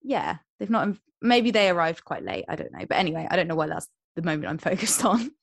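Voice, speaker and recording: A young woman co-hosting a podcast in casual chat, retelling plots with quick quoted voices. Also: fairly low pitch, expressive, creaky, no echo. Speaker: podcast co-host.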